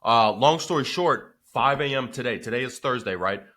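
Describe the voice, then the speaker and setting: Bright, forceful man telling a story. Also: mid-range voice, normal speed. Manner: animated, swears freely, lots of filler. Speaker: business owner telling a story. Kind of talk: casual storytelling vlog.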